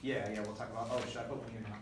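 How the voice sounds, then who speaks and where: A man's voice: on the low side, flat delivery, racing, heavy background noise. A man teaching a classroom lesson, leading call-and-response drills with energy and correcting himself as he goes. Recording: echoey classroom recorded from far off.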